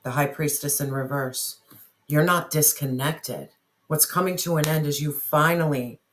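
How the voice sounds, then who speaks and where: A tarot reader giving an earnest reading straight to the listener, often repeating phrases and asking spirit questions aloud. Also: medium pitch. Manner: asks spirit questions aloud while drawing cards. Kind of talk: tarot reading addressed to viewers.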